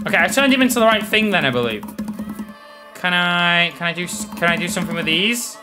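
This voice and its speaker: A man hosts a gaming video, excitably commenting on the game and shouting at its character. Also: high-pitched, fairly quick. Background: game music.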